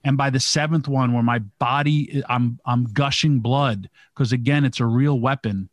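A man's voice: mid-range voice, fairly even intonation, moderate pace, no room sound. A man on a talk show, telling a vivid story in casual speech, with many "like"s and "literally"s. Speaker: podcast co-host telling a story.

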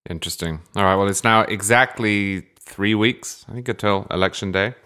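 A man's voice: fairly low pitch, normal speed, sharp tone, smooth. An English man hosting a podcast, answering listener questions with dry, wry humor. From England. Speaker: podcast host.

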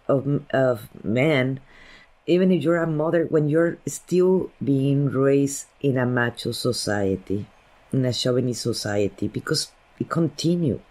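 A woman hosting an interview, speaking in a thoughtful, halting way. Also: extremely low pitch, dark tone. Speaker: host. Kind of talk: casual interview conversation.

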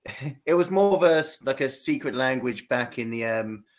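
A man, a podcast guest slowly explaining things in casual chat, with many pauses and fillers. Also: medium pitch, expressive. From England.

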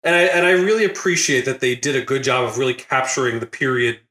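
A man hosting a casual movie recap podcast, laughing often and acting out quotes in a loud, high voice. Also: quick pace, echoey room. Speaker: podcast host.

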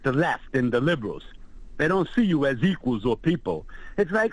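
A man's voice: medium pitch, big pitch swings, normal speed, no echo, rough recording. A man calling in to a talk show, ranting bluntly in crude language. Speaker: caller. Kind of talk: phone-in rant.

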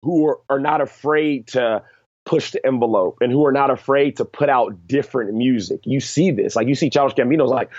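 A man in casual chat who talks with animated emphasis and acts out quotes in excited bursts. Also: medium pitch, fairly quick, no echo. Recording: dry, slightly dull lo-fi sound.

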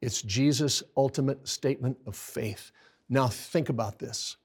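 A man's voice: medium pitch, a little slow, breathy edge. An American man teaching a Bible study in an earnest sermon style, building to pleading intensity when quoting prayers.

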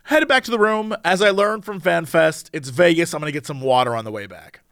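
High-voiced guy cohosting a podcast, swoops all over while rambling through a story, dry close mic. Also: animated, a little fast, vocal fry, fairly bright tone, clear, resonant tone, no room sound. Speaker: podcast co-host. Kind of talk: casual chat.

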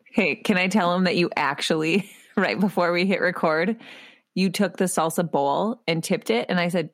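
A woman's voice: on the low side, no echo, clean studio sound. A woman who is a mother, co-hosting a podcast and telling stories in a teasing, laughing way. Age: adult, a mother. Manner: storytelling, teasing, quick to laugh. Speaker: podcast co-host. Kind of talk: casual chat.

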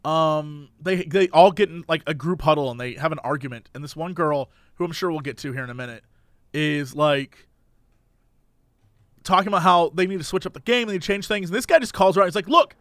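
A high-pitched man talks in an easy, animated way, jumping into voices as he retells scenes. The sound is dry and close, with almost no room around him. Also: a little fast, no room sound. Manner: animated storyteller, acts out quotes in voices. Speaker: podcast co-host. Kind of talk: casual chat recapping a reality show.

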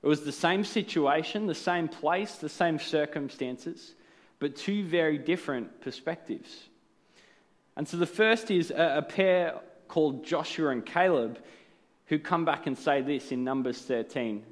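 A man preaching a sermon with a slightly higher-pitched voice. He explains his points earnestly and works through rhetorical questions. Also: a little slow.

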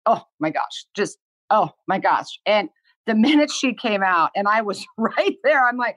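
A woman's voice: medium pitch, lively intonation, measured pace, fairly bright tone, dry recording. A woman in her sixties, a podcast guest talking candidly and earnestly, swearing freely. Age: 60s.

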